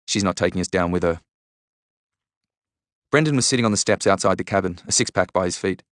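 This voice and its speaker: Guy reading an audiobook in first person, really low voice, dry close mic. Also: a little fast, dry recording. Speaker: audiobook narrator.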